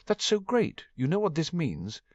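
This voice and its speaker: A bubbly teenage girl gushes in a high, bouncy voice, as a man puts her on for an audiobook. The sound is dry and dull. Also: wildly swooping pitch, unhurried, a little mellow, no echo, full character voice. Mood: gushing. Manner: gushing, bouncy. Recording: dull, muffled dry recording.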